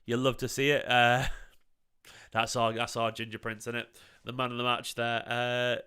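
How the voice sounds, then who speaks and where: A man reacting to a match live for his fan channel, in a smooth, clear voice. His talk is casual and emphatic, with a pitch that sits in the middle. He hammers points home by repeating them and swears freely. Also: monotone, moderate pace, pushed and bright. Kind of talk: livestream football match reaction.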